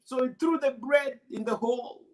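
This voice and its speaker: A man's voice: very high-pitched, normal speed, rough recording. A man voicing a young son who speaks in a crying, pleading voice. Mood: tearful. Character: young son, weak and tearful.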